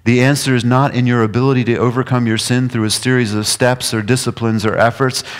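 A middle-aged man preaching a sermon, shifting between emphatic, raised declarations and quiet, hushed passages. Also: mid-range voice, level tone, fairly quick. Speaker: pastor.

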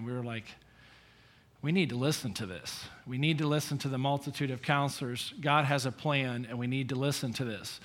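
A man preaching a conversational sermon, telling personal stories in an animated way and chuckling as he goes. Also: mid-range voice, a little fast. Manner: storytelling, animated, chuckling often. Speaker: pastor.

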